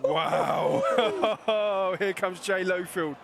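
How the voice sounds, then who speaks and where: A man doing live sim racing commentary, excitable and quick to laugh, often reading out the chat. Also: on the high side, heavy background noise.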